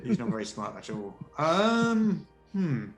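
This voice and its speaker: A man narrating a tabletop game as game master, animated and laughing, with many fillers. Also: a little high, takes it slowly. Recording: roomy echo with faint music.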